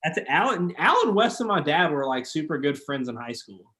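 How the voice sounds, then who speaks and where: Easygoing man with a slightly high voice. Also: big pitch swings, moderate pace, bright, forceful tone. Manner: easygoing, brief replies. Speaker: podcast host. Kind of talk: casual chat.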